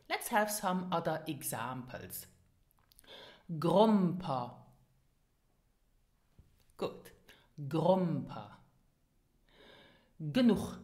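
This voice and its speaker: A woman teaching a pronunciation lesson, saying each word slowly and then repeating it for learners. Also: mid-range voice. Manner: patient, models words twice for repetition. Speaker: language teacher.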